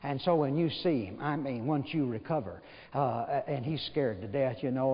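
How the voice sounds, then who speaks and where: A man preaching a sermon in a folksy storytelling way, asking his listeners rhetorical questions and joking gently. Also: a little high, animated, a little fast. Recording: dull recording with long hall reverb.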